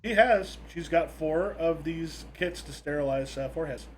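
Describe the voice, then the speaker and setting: A man's voice: on the high side, normal speed, a little hiss or hum. A man running a tabletop game as game master, giving loose, rambling explanations.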